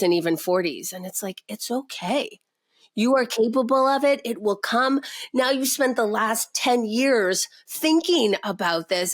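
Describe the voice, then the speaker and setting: A woman sex therapist, a guest on a podcast, talking frankly and emphatically and swearing freely in casual conversation. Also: mid-range voice.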